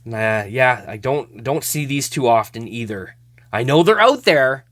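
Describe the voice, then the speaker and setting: Rambling, animated male card collector. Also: medium pitch, a little slow, no room sound. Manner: hesitant, rambling, many trailing 'I don't know's; laughs easily, bursts into excited outbursts. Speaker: host of a hockey card show. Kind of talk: casual card-opening commentary.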